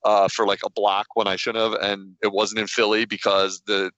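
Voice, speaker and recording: A man co-hosting a podcast in casual chat, telling animated stories and acting out quotes. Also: fairly low pitch, normal speed, no room sound. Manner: animated storyteller, acts out quotes, laughs often. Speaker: podcast co-host. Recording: dull lo-fi dry podcast audio.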